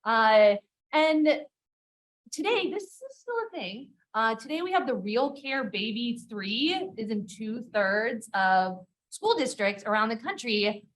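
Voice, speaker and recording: A woman moderating a conference panel, speaking in a direct, energetic, conversational way. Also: fairly high pitch, slow, poor audio. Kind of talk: conference talk. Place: lecture hall.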